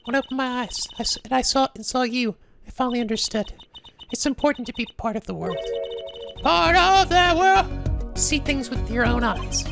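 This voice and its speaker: Brief: timid young woman in high falsetto, a man voicing her, game music under. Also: fairly quick, vocal fry. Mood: quietly earnest. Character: shy, soft-spoken young woman. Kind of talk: reading game dialogue aloud.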